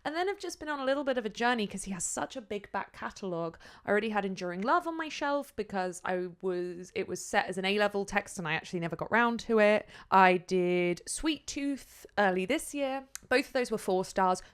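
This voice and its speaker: Animated woman podcaster. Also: medium pitch, smooth. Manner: animated, quick asides, swears casually. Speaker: podcast co-host. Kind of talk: casual chat about books.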